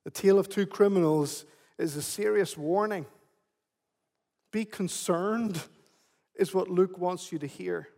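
A man's voice: sits high, measured pace, pauses often, a little mellow. A man preaching a sermon as pastor, emphatic and prone to repeating phrases. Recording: long hall reverb.

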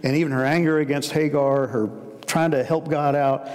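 A man's voice: a little high, fairly even intonation, moderate pace, darkish tone. Man preaching in a reverberant hall. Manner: storytelling, conversational preaching. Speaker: pastor. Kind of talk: sermon.

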